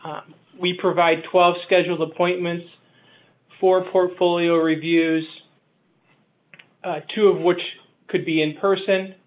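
A man practicing a sales pitch hesitantly, with many fillers. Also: level tone, a little slow, pauses often. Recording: tinny phone-like audio.

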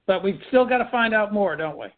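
The phone-line sound is tinny as a man with a high-sitting voice and lively intonation talks fairly quickly. A firm leader, he runs his business team meeting by coaching through rhetorical questions, often restarting.

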